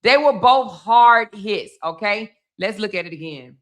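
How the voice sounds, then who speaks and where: Hosting a livestream, a woman chats directly with her viewers while commenting on a video. She has a medium-pitched voice with lively intonation and an unhurried pace.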